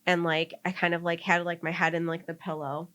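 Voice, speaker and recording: A woman's voice: lowish voice, flat delivery, a little fast, a bit bright. A young woman co-hosting a podcast, casually telling a personal story and rambling with lots of "like". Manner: rambling, heavy use of "like", laughing and tearing up. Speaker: podcast co-host.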